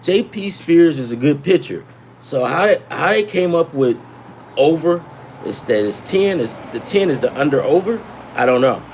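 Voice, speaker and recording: A man's voice: on the high side, expressive, moderate pace, darkish tone, slight background noise. Rambling man hosting a betting livestream. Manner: rambling, repeats himself, chats with viewers; pushy, emphatic tips. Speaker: sports betting livestream host. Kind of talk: casual livestream talk.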